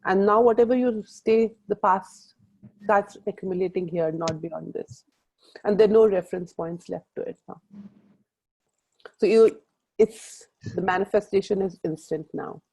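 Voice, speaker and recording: A woman's voice: medium pitch, normal speed, mellow, husky, rough recording. A middle-aged woman with an Indian English accent, leading a motivational group call and urging her listeners in a rambling, earnest way.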